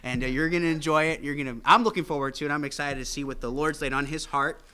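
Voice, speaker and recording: An American man delivering a sermon in a voice pitched a little high. He talks in a loose, conversational way, often restarting his sentences and filling the gaps with small hesitations. He speaks into a handheld microphone. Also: fairly even intonation, fast, bright, forceful tone, clear, resonant tone. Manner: conversational, with many restarts and fillers. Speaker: guest preacher.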